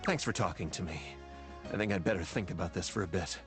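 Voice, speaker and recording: A man's voice: sits low, fast talker, music in the background. An actor playing a shallow, vain male trophy obsessed with winning, talking in a dramatic, self-pitying way in a video game. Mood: melodramatic.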